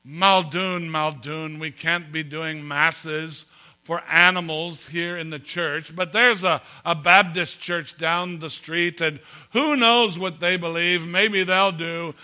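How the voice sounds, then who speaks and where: A man's voice: fairly high pitch, fairly even intonation, takes it slowly, sharp tone, full character voice. A man doing a mock Irish priest. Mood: chiding. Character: excited Irish priest, male, middle-aged.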